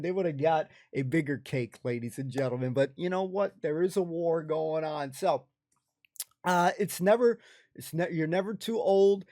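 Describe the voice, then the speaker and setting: An American man talks through a reaction video in loose, enthusiastic commentary and keeps addressing his viewers as "ladies and gentlemen." His voice sits a little high, and the recording is close and dry. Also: no room sound.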